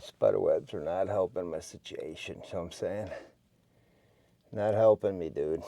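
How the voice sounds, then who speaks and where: Deep, gravelly, and warm, this DIY vlogger's voice moves at a measured pace, with a little hiss or hum in the audio. He narrates a casual how-to from a cramped crawl space, chatting and joking with viewers while breathing hard from the effort.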